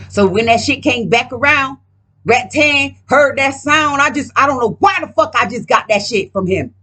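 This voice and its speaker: A woman's voice: high-pitched, bright, forceful tone, breathy edge. A woman vlogger talking casually while reading tarot cards, profane and emphatic, rambling and speaking straight to her viewers.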